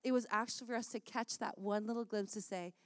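A woman speaking earnestly and warmly in a conversational Christian talk, laughing often as she encourages listeners. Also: mid-range voice, steady tone, quick pace, no room sound.

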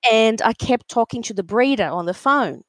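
A woman telling a story in a casual interview, animated and full of fillers, acting out other people's voices. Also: on the high side, normal speed, dry recording. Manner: animated, acts out voices in quotes, many fillers. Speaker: alpaca breeder, guest.

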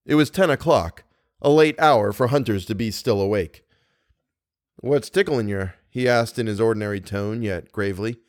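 Low-voiced man narrating a horror story. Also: dry recording, clean studio sound. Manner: measured, grave storytelling. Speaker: podcast narrator.

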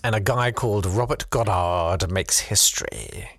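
A man's voice: lowish voice, a little slow, a bit bright, no room sound, studio quality. A man co-hosting a comedy podcast, telling a history story playfully and slipping into silly voices. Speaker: co-host. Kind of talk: comic storytelling.

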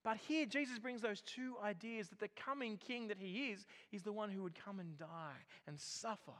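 A man's voice: sits high, normal speed, a bit bright, big-room sound. A man preaching a sermon as pastor, earnest and emphatic, often repeating a word as he builds a point.

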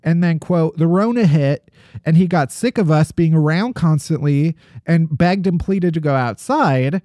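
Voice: mid-range voice, unhurried, mellow, dry recording. A host reading odd news stories on a casual podcast, with dry jokes and laughter. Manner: jokey, dry asides, laughs while reading. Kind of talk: casual chat.

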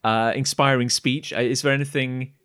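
A man narrating a tabletop game as game master, in a casual, halting way with many fillers. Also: mid-range voice, steady tone, fairly bright tone, clear, resonant tone.

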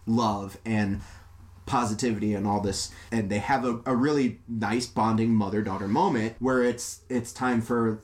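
A man casually recapping a film with friends, acting out the characters' lines in lively, shifting voices. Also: fairly low pitch, normal speed. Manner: animated, acts out quotes in shifting voices. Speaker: podcast co-host. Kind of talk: casual movie recap chat.

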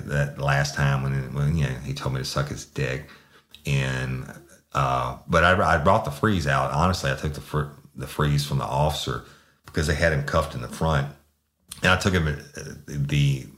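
A man's voice: rumbling low, a bit bright. A man, a former police sergeant, telling a crude story bluntly with lots of restarts. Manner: blunt, profane, many restarts.

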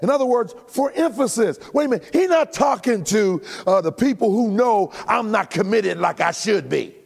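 Older male pastor, gravelly, lively, bit high, reverberant hall. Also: moderate pace. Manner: animated, preaching with shouts and humor. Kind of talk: sermon.

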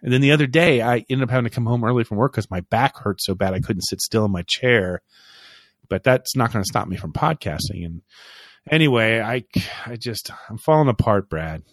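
A man's voice: mid-range voice, fairly quick, dry recording, clean studio sound. A man co-hosting a podcast, chatting casually and joking about falling apart. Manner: self-deprecating, rambling, jokey. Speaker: podcast co-host.

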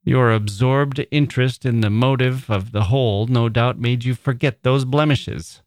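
A man reading the lines of a self-satisfied gentleman author, brisk and condescending. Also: medium pitch, no room sound, clean studio sound, lightly acted.

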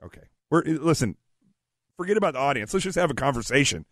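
A Southern American man with a slightly high, lively voice fills in as a talk radio host, talking fast in a bright tone despite having a cold. He jokes, chats casually and plugs his book. The studio mic sound is dry, with no room sound.

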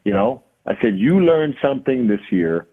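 A man, a hitting coach and podcast guest, telling a lively story and acting out the dialogue. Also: medium pitch, normal speed, breathy edge. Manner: acts out quoted dialogue. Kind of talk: animated storytelling. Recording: tinny phone-like line.

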